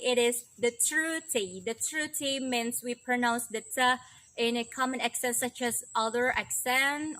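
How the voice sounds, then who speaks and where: A young woman, a native Indonesian speaker, teaching an English pronunciation lesson slowly and repeating each example word twice. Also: high-pitched, pushed and bright, low-quality recording. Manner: slow, deliberate, repeats example words twice. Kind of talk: recorded classroom lesson.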